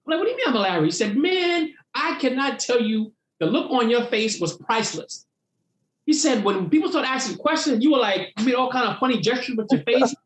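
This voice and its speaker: A man who does stand-up tells his stories with lively acted-out voices. His voice sits high for a man. The room around him rings with echo. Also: brisk. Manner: animated storyteller acting out voices. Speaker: comedian guest. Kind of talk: storytelling interview.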